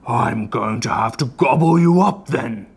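A man voicing a gruff bridge troll who roars his lines slowly. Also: medium pitch, lively intonation, a little hiss or hum. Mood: menacing. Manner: slow, roaring.

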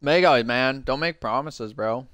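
A young man streaming a team game live, giving rapid callouts and countdowns to his teammates, slangy and swearing. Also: medium pitch, fairly bright tone, smooth, no room sound. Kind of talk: live gameplay commentary to teammates.

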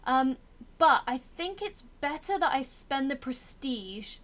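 A woman's voice: high-pitched, expressive, slow, a bit bright. A young woman giving casual, self-mocking commentary as she plays a strategy game and talks to its characters. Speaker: gameplay commentator.

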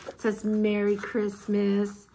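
A woman's voice: medium pitch, monotone, takes it slowly, gravelly, dark tone, slight background noise. A woman chatting through a casual shopping haul vlog at home, bubbly and talkative, keeps addressing viewers as "you guys". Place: at home, with her mother nearby. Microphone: propped-up phone camera.

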